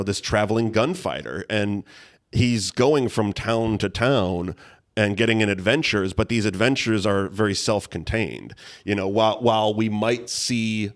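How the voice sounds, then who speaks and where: A man in casual chat as a podcast guest, telling animated stories and acting out his own reactions. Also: fairly low pitch.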